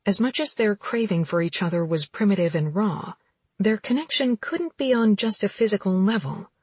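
A woman narrating a romance audiobook with steady, even storytelling, recorded close. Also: mid-range voice, moderate pace, breathy edge, no echo.

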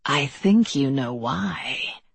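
A narrator voicing a cruel male monster with a slick, wet voice, speaking slowly in hushed menace. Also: medium pitch, animated, vocal fry, slightly rough, no echo, full character voice. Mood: menacing. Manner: slow, hushed, whispering menace.

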